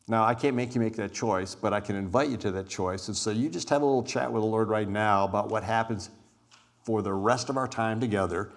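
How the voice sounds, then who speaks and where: A man giving a conversational, inviting sermon to a congregation as a guest preacher. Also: lowish voice. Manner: conversational, inviting, acts out scripture scenes. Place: church hall before a live congregation.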